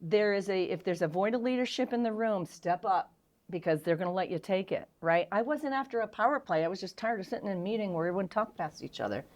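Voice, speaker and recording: A middle-aged woman, a guest on an interview show, telling frank, self-deprecating stories in a candid and animated way. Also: mid-range voice, quick pace.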